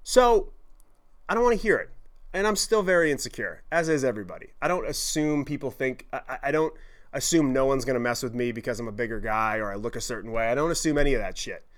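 A man telling a story in a podcast monologue, animated, profane and self-deprecating. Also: medium pitch, quick pace. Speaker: podcast host.

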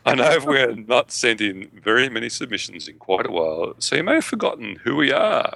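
A man's voice: mid-range voice, very animated, fairly quick, creaky, bright, forceful tone, dry recording. A man co-hosting a gaming podcast, reading a listener email aloud with a jokey manner. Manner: jokey, tries silly accents. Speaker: podcast co-host.

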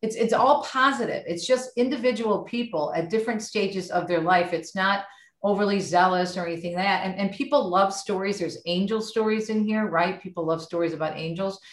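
A middle-aged woman, a radio host, chatting with warm encouragement in a casual podcast conversation. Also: medium pitch, brisk. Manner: warm, animated and encouraging, speaks of faith. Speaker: radio host and author guest. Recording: roomy echo.

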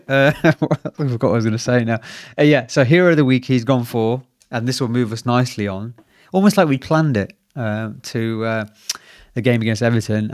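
A man hosting a casual football podcast, talking in a halting way with many fillers and restarts. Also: medium pitch, no echo, studio quality. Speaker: podcast host.

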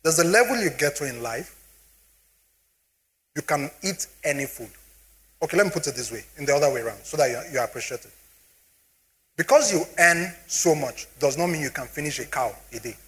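A man's voice: a little high, fairly quick, pauses often. A middle-aged man with a Nigerian accent giving a motivational finance talk, often asking the audience if they follow him. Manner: animated, asks the audience questions often. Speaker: speaker on personal finance.

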